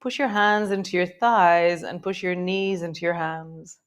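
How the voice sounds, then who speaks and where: Gentle woman leading a yoga class. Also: fairly low pitch, fairly even intonation, measured pace, smooth. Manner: gentle, encouraging cues with chatty asides. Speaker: yoga teacher. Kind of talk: live guided yoga class.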